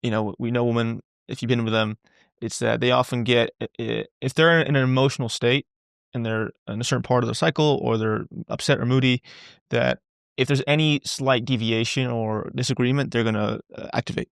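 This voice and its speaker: A man with a gravelly, fry-tinged voice talks freely as a podcast guest. He circles back on his words and swears in passing. The sound is close and dry, with no room around it. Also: mid-range voice, fairly even intonation, brisk, dry recording. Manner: rambling, repeats words, swears casually. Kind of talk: candid conversational interview.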